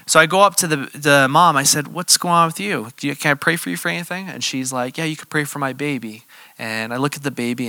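A male preacher with a very bright, sharp, forceful voice tells his story in a casual, chatty way, full of "like" and "you know," and acts out each quoted line with energy. The sound is dry and close, with almost no room echo. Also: fairly high pitch. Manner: animated, acts out quoted dialogue; casual, conversational, uses fillers like "like" and "you know". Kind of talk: sermon storytelling.

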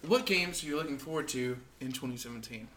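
A man's voice: medium pitch, fast talker, pushed and bright. A man co-hosting a casual podcast chat, with dry, self-mocking humor. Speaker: podcast co-host.

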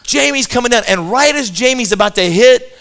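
A man telling a comic story to an audience in an animated way, often repeating a word as he starts a sentence. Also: extremely high pitch, fairly quick.

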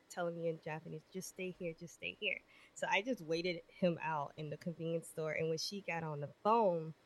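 Woman, twenties, lowish register, lively profane storyteller for a casual chat show. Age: 20s. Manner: animated, profane, acts out voices in her stories.

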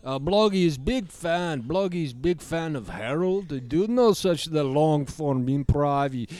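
A man's voice: on the high side, expressive, unhurried, darkish tone, no room sound. A man voicing a summoned male spirit from Eastern Europe with a put-on accent, who talks about himself in the third person in broken English. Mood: boastful. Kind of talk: improvised comedy podcast bit.

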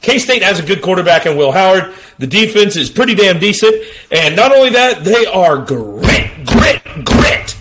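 A man hosting a sports talk podcast, hyped and theatrical, breaking into shouts. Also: high-pitched, expressive, fairly quick, few pauses, noisy background. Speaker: podcast host.

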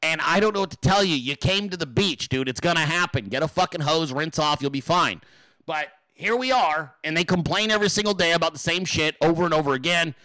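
Sarcastic ranting male host, bright voice. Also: fairly high pitch, animated, fairly quick, no echo, rough recording. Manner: sarcastic, mocking, profane; laughs often between remarks. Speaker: political commentary show host. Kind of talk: casual rant.

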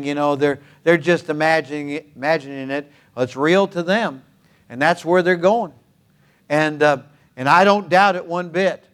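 A man preaching a sermon, emphatic, repeating phrases for stress, with folksy asides. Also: a little high.

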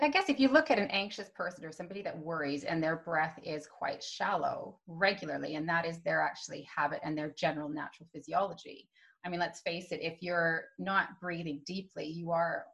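Chatty woman host, lowish voice. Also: fairly quick, vocal fry, fairly bright tone. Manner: chatty, many ums and you-knows. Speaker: podcast host interviewing a chiropractor. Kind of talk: casual interview chat.

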